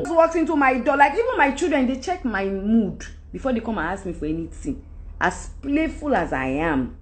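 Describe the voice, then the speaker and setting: A Nigerian woman in her forties talking straight to camera in a casual, emphatic monologue, jumping from point to point. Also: high-pitched. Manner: animated, emphatic, jumps between topics. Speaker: actress giving advice.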